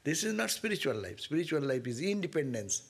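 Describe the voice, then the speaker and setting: A man's voice: on the high side, big pitch swings, brisk, gravelly. A man teaching a scripture class, explaining Sanskrit verses line by line and often asking "no?". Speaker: monk and spiritual teacher.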